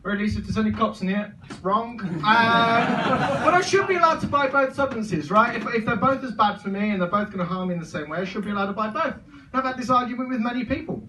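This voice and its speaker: A young man with a Birmingham accent doing a deadpan, self-deprecating stand-up set in a comedy club. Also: very high voice, fast talker, background noise. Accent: Birmingham English. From England. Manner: deadpan self-deprecating, many filler ums. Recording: roomy club sound from a distance.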